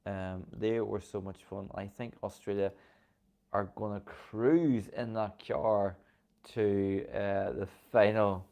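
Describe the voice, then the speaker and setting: A man's voice: on the low side, fairly even intonation, takes it slowly, warm tone. A man with a Northern Irish accent hosting a casual video, chatting enthusiastically with frequent ums. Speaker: host. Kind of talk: casual chat to camera.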